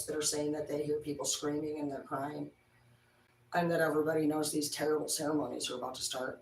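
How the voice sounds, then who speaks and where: A woman's voice: low voice, far from the mic, slight background noise. Rambling, profane woman in a roomy space. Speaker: livestream host. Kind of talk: casual rambling monologue. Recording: roomy, from the mic.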